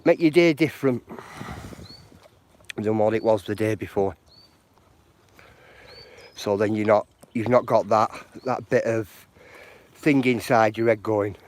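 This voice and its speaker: A man's voice: on the low side, unhurried, pauses often, a little mellow, a little hiss or hum. A man chatting outdoors on a live walk, rambling and encouraging, with lots of "you know". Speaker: walking vlogger. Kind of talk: live walking chat. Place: outdoors on footpaths.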